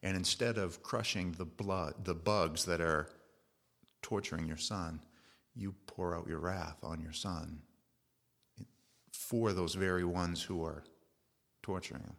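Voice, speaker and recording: A middle-aged male pastor delivers a sermon in an earnest, conversational way, slipping into personal stories. His voice sits very low. It has a gravelly edge. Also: steady tone, measured pace, long pauses, fairly bright tone.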